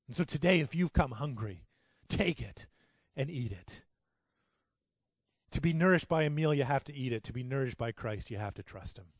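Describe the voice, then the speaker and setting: A middle-aged male pastor giving a sermon, building to loud, passionate peaks and falling back to a soft, quiet delivery. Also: lively intonation, moderate pace, dry recording. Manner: builds to loud, high-pitched passion, then drops to soft.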